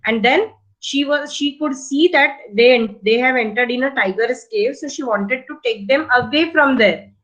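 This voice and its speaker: A woman's voice: sits high, normal speed, fairly bright tone, highs cut off. A woman teacher with an Indian English accent running a reading class, patiently repeating instructions and prompting pupils word by word.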